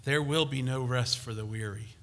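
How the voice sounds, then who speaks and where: A man's voice: mid-range voice, moderate pace, fairly bright tone. A man preaching a sermon on scripture, emphatic and given to restarts and fillers as he teaches.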